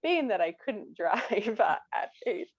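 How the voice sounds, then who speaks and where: A woman's voice: medium pitch, very animated, a little slow, husky, dry recording, lo-fi sound. A young woman from rural Ohio, a guest author, talking earnestly and with enthusiasm in an interview. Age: young adult. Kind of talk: interview conversation.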